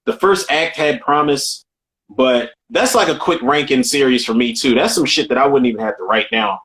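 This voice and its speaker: A man co-hosting a casual film podcast, talking in an animated, profane way and repeating himself as he riffs. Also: mid-range voice, normal speed. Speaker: podcast co-host.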